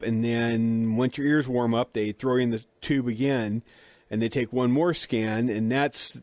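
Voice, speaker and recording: A man's voice: medium pitch, no echo. A middle-aged man with a dry mouth, casually telling a self-deprecating story and acting out the dialogue.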